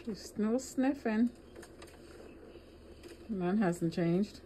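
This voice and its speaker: Reaction host, sarcastic and scolding commentary, mid pitch. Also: extremely slow, noisy background.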